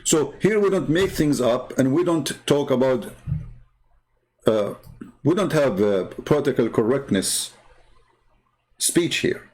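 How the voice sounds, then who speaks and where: A man's voice: mid-range voice, animated, a little slow, pauses often, a little mellow. Blunt sarcastic male livestream host. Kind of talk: combative livestream commentary.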